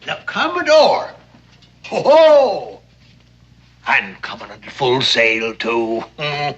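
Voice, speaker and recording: A man's voice: on the high side, sing-song, slow pace, fairly bright tone, full character voice. An actor playing a grizzled, crafty old male sea captain who talks in salty sailor slang and blusters. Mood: scheming, gruff. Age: older. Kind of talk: 1960s TV drama acting. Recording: muffled old TV soundtrack with music.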